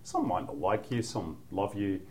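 A middle-aged man with a Mancunian English accent and a fairly low voice talks through stories in a relaxed, rambling way, looping back with "you know" and small restarts. There's a faint hum of background noise under him. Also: normal speed. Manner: chatty, anecdotal, frequent "you know" and restarts. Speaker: football commentator, guest. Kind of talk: relaxed podcast chat.

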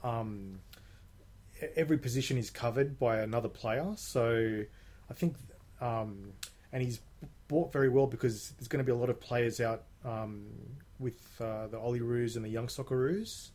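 A man's voice: medium pitch, normal speed, a little mellow. A man on a radio football panel, chatty and hesitant, full of ums. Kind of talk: casual radio chat.

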